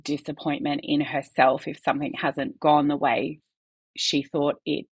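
Aussie woman in her 30s, low voice, dry close sound, earnest and a bit rushed. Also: level tone, breathy edge, dry recording. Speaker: guest. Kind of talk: candid podcast conversation.

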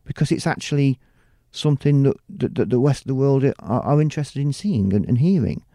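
A man's voice: medium pitch, lively intonation, brisk, warm tone, no echo, clean studio sound. A middle-aged man from the United Kingdom, a TV presenter talking casually in an interview, rambling with many restarts and "you know"s. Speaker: TV presenter and producer.

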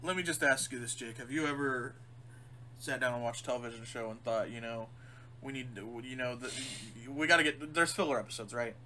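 Podcast co-host, man, bright forceful voice, casual swearing recap, faint ambience. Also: mid-range voice, slight background noise, poor audio. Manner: swearing, recaps plot with quick mimicked quotes. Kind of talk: casual chat recapping a cartoon.

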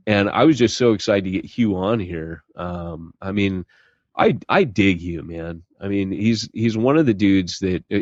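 A man's voice: low voice, darkish tone, dry recording, dull audio. A man co-hosting a podcast in casual chat, rambling and laid-back with lots of fillers. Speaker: podcast co-host.

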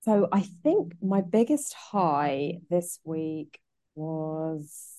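Earnest low-voiced woman coach. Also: lively intonation, extremely slow, warm tone. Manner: earnest and reflective, with filler "like". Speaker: coach and podcast co-host. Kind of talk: casual chat.

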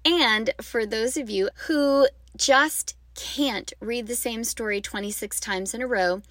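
A woman's voice: medium pitch, a bit bright, no room sound, clean studio sound. Chatty enthusiastic woman podcast host. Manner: chatty and enthusiastic, drifts off on side notes. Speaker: podcast host, music teacher. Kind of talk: casual podcast talk.

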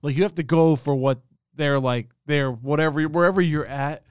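A young podcast co-host tells a rambling, swear-heavy story during casual chat, doing animated impressions. His voice is fairly high, clear and resonant at normal speed, recorded dry with clean studio sound.

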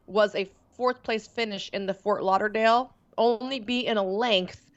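A woman co-hosts a podcast in chatty, casual conversation, peppering her talk with filler words. Her voice sits at a middling pitch. The audio is dull and lo-fi. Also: steady tone, moderate pace. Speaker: podcast co-host. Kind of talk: casual chat. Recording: dull lo-fi sound.

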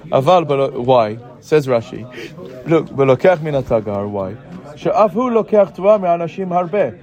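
A man teaching a Gemara class, explaining and checking with his students with frequent "right?" questions and halting restarts as he reads the text. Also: fairly high pitch, expressive, darkish tone, muffled recording. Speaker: Talmud teacher. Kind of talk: Gemara class mixing English and Hebrew terms.

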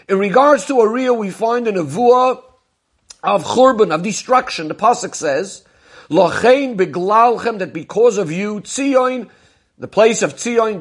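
A man's voice: high-pitched, husky. A man teaching as a Torah teacher, explaining a Talmudic discourse in a methodical way, posing questions and then answering them, and retelling stories step by step.

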